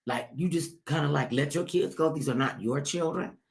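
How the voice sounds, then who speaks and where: A woman's voice: low voice, normal speed. Woman hosting a talk show, fired up political rant, repeats herself a lot, talks straight to the audience. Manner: emphatic, repetitive, direct address to listeners. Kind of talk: political commentary monologue.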